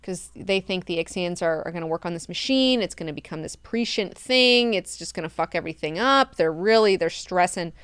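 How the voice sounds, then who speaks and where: A woman's voice: lowish voice, animated, brisk, few pauses, a bit bright, clear, resonant tone, dry recording, studio quality. A woman hosting a book club, recapping chapters in a chatty, irreverent way and swearing often.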